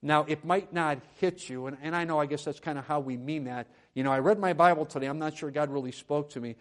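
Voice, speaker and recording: A man preaching a sermon at a church lectern, moving between quiet conversational asides and loud, emphatic proclamations. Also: a little high, quick pace. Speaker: pastor.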